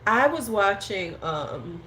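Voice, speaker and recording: Lively, chatty woman. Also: medium pitch, slow. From United States. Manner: rambling, slangy and animated. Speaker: host. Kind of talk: casual livestream chat.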